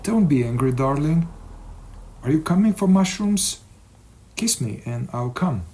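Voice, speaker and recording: A man voicing an anxious, affectionate young man in love, speaking softly and coaxingly. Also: a little high, expressive, unhurried, voice pushed up.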